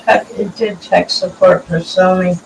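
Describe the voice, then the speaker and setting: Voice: mid-range voice, fairly even intonation, a little slow, creaky, distant mic, slight background noise, low-quality recording. A panel guest chatting casually and matter-of-factly, often trailing off and restarting. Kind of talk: casual chat.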